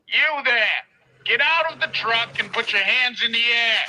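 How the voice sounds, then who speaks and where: An actor playing a bossy officer who barks orders at a driver. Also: male voice, extremely high pitch, measured pace, bright, forceful tone, slight background noise, heavily acted. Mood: commanding. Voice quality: commanding, clipped. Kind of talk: film acting.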